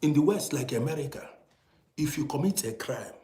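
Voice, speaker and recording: A man with a Nigerian accent delivers a heated video rant, hammering his viewers with repeated rhetorical questions. His voice sits high and leaps around in pitch. The sound bounces off the walls of an echoey room. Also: animated, fairly quick, warm tone. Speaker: vlogger. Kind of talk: ranting commentary video. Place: indoors in Europe.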